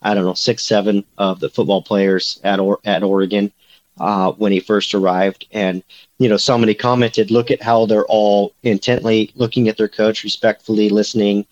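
A man with a fairly low voice talks sports on a casual podcast. He rambles and restarts, filling gaps with "uh" and "you know". The audio is a bit dull and lo-fi. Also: flat delivery, normal speed, a little mellow. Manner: rambling, many fillers and restarts. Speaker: podcast co-host, recruiting beat reporter.

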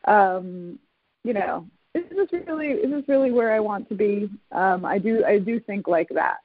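A podcast host in casual conversation, talking haltingly with many fillers and restarts. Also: mid-range voice, animated, no room sound. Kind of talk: casual conversation over a call. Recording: tinny phone-like line, dry.

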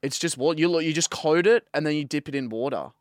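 A man's voice: on the high side, fast talker, no room sound, clean studio sound. A young Australian man co-hosting a podcast, telling stories in casual chat full of slang and fillers. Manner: laid-back storytelling with slang and fillers. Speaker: podcast co-host.

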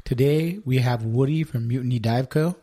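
A man hosts a casual podcast in a husky, slightly breathy voice. He speaks in a laid-back way, with short questions and easy reactions. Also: medium pitch, normal speed, warm tone. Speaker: podcast host. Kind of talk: casual interview.

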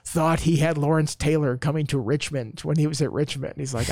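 Man, sports reporter, chatty storyteller, higher voice, dry close sound. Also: fairly even intonation, a little mellow, no echo. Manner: chatty storyteller, quick asides. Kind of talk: casual podcast chat.

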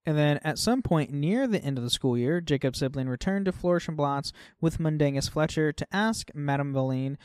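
A man's voice: fairly high pitch, expressive, moderate pace, hardly any pauses, clear, resonant tone, no echo, studio quality. A man co-hosting a podcast, chatting casually about a game and often trailing off with "like". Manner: chatty, fillers like "like", trails off softly. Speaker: podcast co-host.

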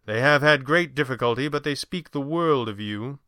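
A man voicing a dry, blunt wealthy gentleman. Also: mid-range voice, normal speed, smooth, dry recording, natural voice. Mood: dry, probing. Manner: candid, wry, slightly pressing. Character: wealthy male employer, dry, blunt and impatient.

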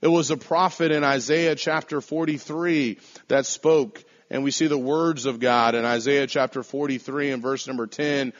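Male preacher, mid-pitched, deliberate emphatic delivery with slowed stressed phrases; muffled lo-fi recording. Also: fairly even intonation. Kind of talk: sermon. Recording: dull lo-fi sound.

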